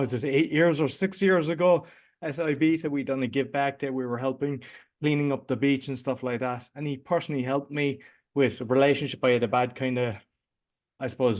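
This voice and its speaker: A man with an Irish accent hosting a podcast, talking in a chatty, rambling, informal way. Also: mid-range voice. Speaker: podcast host. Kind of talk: casual interview chat.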